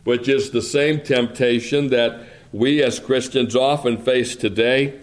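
A man preaching a sermon, reading scripture aloud and then explaining it in a slow, measured, deliberate way. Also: mid-range voice, fairly even intonation.

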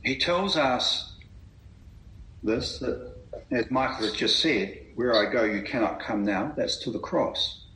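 Man, preacher, slow, earnest, bright, roomy echo. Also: mid-range voice. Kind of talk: Bible reading meeting talk.

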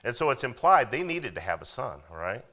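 A man's voice: mid-range voice, sing-song, brisk, pushed and bright. A man preaching, reading scripture aloud in a raised voice and then explaining it plainly with frequent "okay?" asides. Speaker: pastor.

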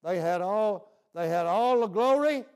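A man's voice: high voice, lively intonation, a little slow, creaky, darkish tone, smooth. A male preacher delivering a folksy sermon, often asking "See?".

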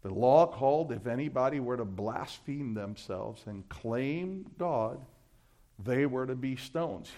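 Preaching from the pulpit, a man from Brooklyn speaks with a New York accent. His sermon alternates between forceful, booming passages of scripture and hushed side remarks.

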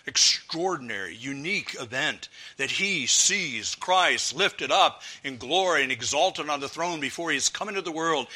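A man preaching a sermon, moving from loud, ringing exclamations down to hushed, quiet passages. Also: fairly high pitch.

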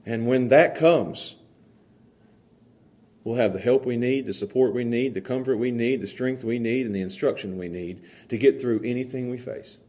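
A man preaching a folksy sermon to a small church congregation, swinging from hushed earnest passages to loud, excited storytelling. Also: medium pitch, normal speed. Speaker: pastor. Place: small church, evening service.

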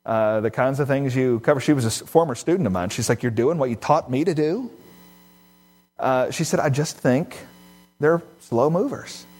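A man's voice: medium pitch, normal speed, darkish tone, soft background music. A middle-aged man, a pastor, preaching a sermon and telling a counseling story with quoted dialogue at a varying pace.

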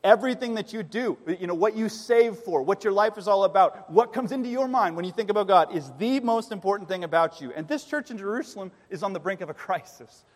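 A man's voice: high-pitched, animated, fast talker, few pauses. A man preaching a sermon as pastor, earnest and emphatic, asking his congregation rhetorical questions. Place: church sanctuary. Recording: long reverb of a church hall.

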